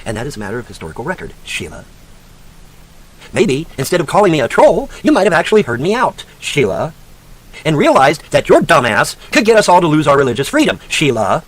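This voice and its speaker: A man's voice: on the high side, very animated, brisk. A man delivering an angry, profane rant, mocking and lecturing like a sarcastic teacher. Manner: profane, mocking, shouting insults at a named woman. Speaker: online commentator.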